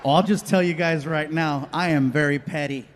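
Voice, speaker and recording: A man doing animated, self-mocking stand-up storytelling on a comedy stage. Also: on the high side, normal speed, reverberant, slight background noise. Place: comedy stage before a live audience.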